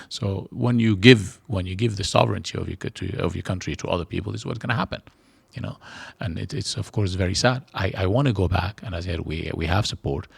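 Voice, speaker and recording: A man from Syria, a guest in a studio interview, who talks haltingly with many restarts and fillers. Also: sits low, creaky, breathy edge, no room sound.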